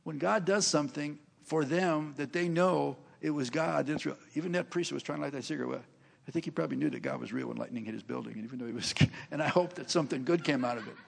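A man's voice: fairly high pitch, quick pace, vocal fry. An older man preaching a sermon, telling stories in a chatty way, laughing between lines and acting out the people he quotes. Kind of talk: sermon storytelling.

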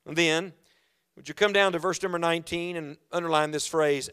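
A man preaching to his congregation with a smooth, resonant voice set a little high. He swings between hushed, slow reading and loud, urgent exhortation, often stopping to put questions to the church. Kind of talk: sermon. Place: church auditorium.

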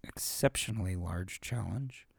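Amateur male reader, casual chat, unhurried and rambling, dry close sound. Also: deep voice, gravelly, husky, no room sound. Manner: rambling, self-deprecating, with frequent fillers. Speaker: amateur reader of children's stories. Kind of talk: casual chat after a reading.

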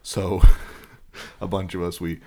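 A man's voice: low voice, level tone, takes it slowly. A man co-hosting a podcast, chatting casually and telling crude, laughing stories. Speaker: podcast co-host. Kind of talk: casual chat. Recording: quieter mic, some distant bits.

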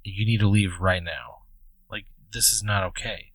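A male podcast co-host trades comic banter. He answers in blunt, indignant bursts and quick reactions, with a somewhat low voice. The sound is dry and close. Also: a bit bright, dry recording.

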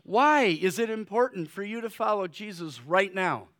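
A male pastor preaching a sermon, shifting between loud urgent exhortation and soft, quiet pleading, with conversational fillers. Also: sits high, lively intonation, moderate pace.

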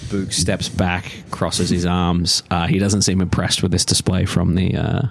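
Low-voiced man running a tabletop game. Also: completely flat delivery, a little slow, gravelly, husky. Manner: laid-back, chuckling, with fillers. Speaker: game master.

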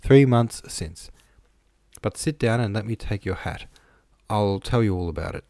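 A man doing a brisk older housekeeper woman. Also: on the low side, lively intonation, mellow, dry recording, studio quality.

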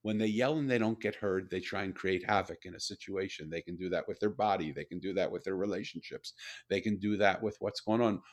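An older man, a guest author, speaks in a low, fairly quick voice as he tells a story in conversation. He's animated and often repeats and restarts his words.

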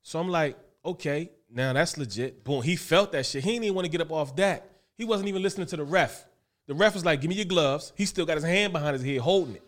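A fairly high-voiced man talking over a fight in loose casual chat. He speaks emphatically and swears freely, acting out scenes with lively voices. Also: fast. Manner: emphatic, profane, animated storytelling.

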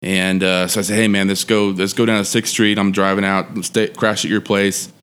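A man's voice: low voice, level tone, normal speed, fairly bright tone, smooth. Man, thirties, casual storytelling, rambling, swears a lot. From Texas. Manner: rambling, profane, laughing often. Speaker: podcast guest.

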